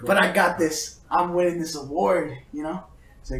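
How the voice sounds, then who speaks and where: Young guy on a podcast, high voice, tells stories w lots of laughs, sounds echoey and a bit far off. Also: normal speed. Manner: animated, laughs often, slips into voices of people he quotes. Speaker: podcast co-host. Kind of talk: casual storytelling among friends. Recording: roomy echo, mic at a distance.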